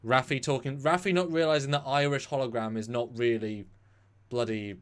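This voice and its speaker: A man co-hosting a casual live-stream chat, animated and rambling with sarcastic asides. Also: medium pitch, normal speed, clean tone. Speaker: co-host.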